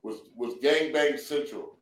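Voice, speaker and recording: A man's voice: medium pitch, unhurried, a little hiss or hum. A middle-aged man from San Diego tells stories in a casual interview, loose and laughing, with swearing along the way. His voice sits in the middle of the male range. It is picked up from some distance and carries a roomy echo. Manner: loose, laughing, profanity-laced storytelling. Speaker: comedian and actor guest. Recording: roomy sound from a distant mic.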